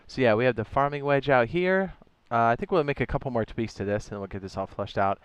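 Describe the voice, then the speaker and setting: A male game streamer talks to his chat in a relaxed, rambling way and drops slangy asides. His voice is smooth and clear at a middle pitch. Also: fast, dry recording, dull audio. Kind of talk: casual livestream chat.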